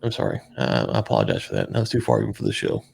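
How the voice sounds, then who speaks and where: A man co-hosting a podcast, talking casually in an animated, sarcastic, ranting way. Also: very deep voice, very fast, vocal fry, breathy edge. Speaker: podcast co-host. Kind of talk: casual political chat.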